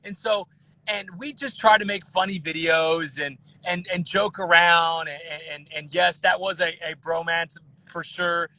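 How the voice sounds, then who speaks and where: A man in his thirties guesting on a podcast, talking in an animated way with lots of restarts and repeated words. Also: fairly high pitch, a little slow, rough recording. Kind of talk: casual podcast chat.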